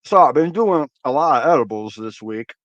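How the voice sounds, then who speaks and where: A man's voice: mid-range voice, lively intonation, normal speed, fairly bright tone, dry recording, highs cut off. Laid-back rambling man, dry close sound. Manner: laid-back, rambling, profane, repeats words. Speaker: cannabis channel host. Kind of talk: casual livestream chat with viewers.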